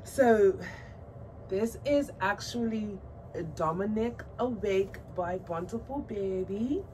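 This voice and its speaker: Excitable woman gushing, recorded from afar. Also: medium pitch, slow pace. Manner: gushing, excitable, coos at the doll in baby talk. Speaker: doll collector vlogger. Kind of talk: casual unboxing chat. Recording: distant mic with faint background noise.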